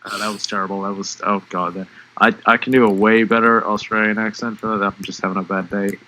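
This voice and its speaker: A man co-hosting a casual podcast chat, animated and self-deprecating, on an online call. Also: fairly low pitch, fairly quick, low-quality recording. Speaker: podcast co-host.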